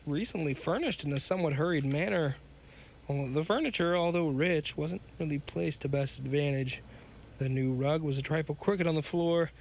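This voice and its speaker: A man's voice: fairly high pitch, slight background noise. A man hosting a podcast, reading an old pulp story aloud with casual asides and the odd stumble over words. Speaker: podcast host reading stories.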